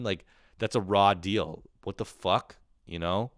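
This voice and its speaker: A young man rants through a casual comedic monologue, rambling, profane and exasperated. His voice sits low and comes across smooth and resonant. The sound is close and dry, with almost no room on it. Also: steady tone, normal speed, dry recording. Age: young adult. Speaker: comedian podcast host.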